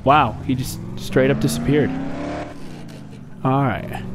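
A young man commentating his gameplay, jumpy and talking back at the game, yelping and shouting at times. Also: medium pitch, fairly even intonation, takes it slowly. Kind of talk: let's play commentary. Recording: noisy game audio underneath.

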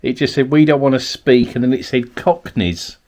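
A man's voice: medium pitch, moderate pace, darkish tone. A man from Kent, a paranormal investigator in an abandoned cottage at night, calling out politely to spirits and coaxing them to answer. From Kent, England. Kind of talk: ghost-hunting narration.

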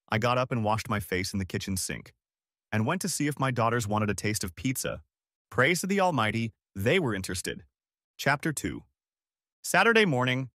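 A man narrating a first-person dramatic audiobook story in a measured, expressive way. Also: mid-range voice, no echo, studio quality.

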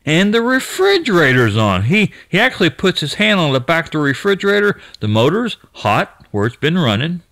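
A man's voice: fairly high pitch, very animated, normal speed, creaky, few pauses, fairly bright tone, dry recording. A man casually retelling what another person found in an abandoned store, rambling with restarts and mild cursing. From United States. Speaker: YouTube storyteller.

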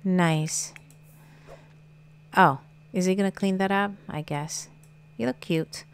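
Slow-talking woman with a gravelly fry. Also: fairly low pitch, fairly even intonation. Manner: chatty, coos over cute things, laughs often. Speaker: gaming YouTuber. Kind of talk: casual let's-play commentary.

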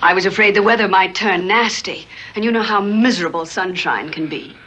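An actress playing an elegant, serene, ghoulish wife in a 1970s TV comedy, speaking in a calm, languid, dryly amorous way. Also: female voice, medium pitch, fairly quick, slight background noise, close to an everyday voice. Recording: dull TV soundtrack with music.

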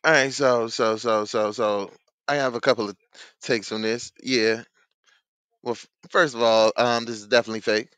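A man co-hosting a casual podcast, laying out skeptical, profane takes in a drawn-out way. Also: medium pitch, fairly even intonation, a bit bright, clean tone, dry recording. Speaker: podcast co-host.

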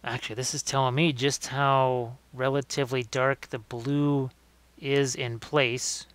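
On a live stream, a man guides viewers through painting miniatures, relaxed and thinking out loud, restarting and correcting his phrasing as he goes. His voice is smooth and resonant, pitched in an ordinary middle range, and his pace is a little slow.

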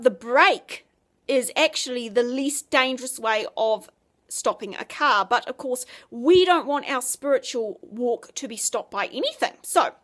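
High-voiced woman giving a devotional talk. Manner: earnest, conversational, animated. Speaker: Christian speaker.

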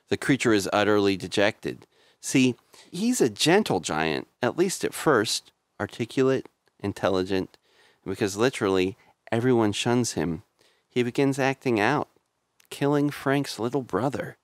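A man narrating a comic retelling as a voice-over, in a wry, deadpan manner. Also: sits low, dry recording, clean studio sound.

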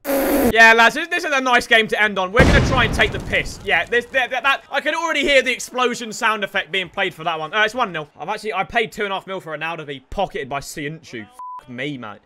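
A young man commentating on his own football video game, excitable and sweary, often shouting at the players. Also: high-pitched, quick pace, background noise. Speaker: gaming streamer. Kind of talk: live gameplay commentary.

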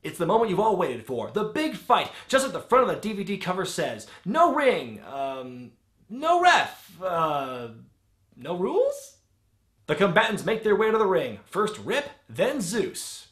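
A man giving a sarcastic, comedic movie review with sudden shouted outbursts. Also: high-pitched, very animated, normal speed, hardly any pauses, reverberant. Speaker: wrestling film reviewer.

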